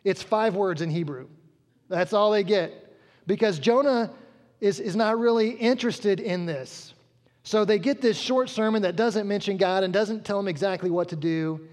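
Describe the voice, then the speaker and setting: A man with a high voice preaches in a conversational storytelling way, slipping into the voices of the people he quotes. His words trail off into a long reverb, as in a large church hall. The delivery is casual. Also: moderate pace, a little mellow. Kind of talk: sermon.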